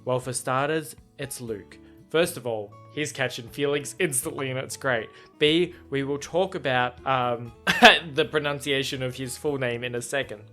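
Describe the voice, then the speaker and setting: An excitable, chatty man reacting to a book he reads aloud, with a bright, forward voice. His delivery is casual. Faint guitar music plays softly behind him. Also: medium pitch, normal speed. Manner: excitable, chatty, laughs often.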